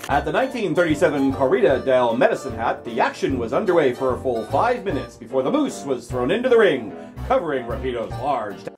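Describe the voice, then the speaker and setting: A man puts on a dramatic old-time sports announcer who narrates with grand, lively swings in pitch. His voice sounds far off over guitar music. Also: a little fast, lightly acted.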